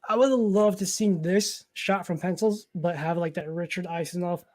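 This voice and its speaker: A man's voice: high voice, moderate pace, a little mellow. A man from New Jersey chatting casually on a comics livestream, rambling and self-deprecating, with the odd swear. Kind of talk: casual livestream chat about comic art.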